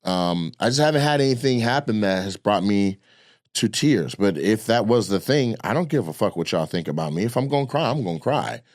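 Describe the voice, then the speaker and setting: A man talking in a casual podcast chat, animated and loose, swearing freely. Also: on the low side, a little fast, no room sound, studio quality. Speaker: comedian and podcast guest.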